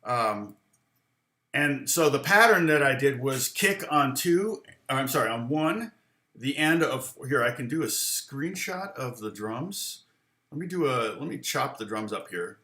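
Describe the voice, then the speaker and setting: In a loose, chatty live online guitar lesson, a man with a mid-range, expressive voice takes his time, counting and humming rhythms aloud as he plays. The recording sounds roomy, with loud guitar and backing music.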